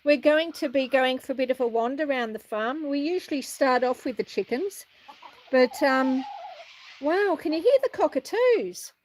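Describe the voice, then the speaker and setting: A homestead livestreamer, a middle-aged woman, wanders outdoors around her farm reading chat and talking casually with viewers. She speaks at normal speed in a high-pitched, animated voice, replying warmly and laughing often.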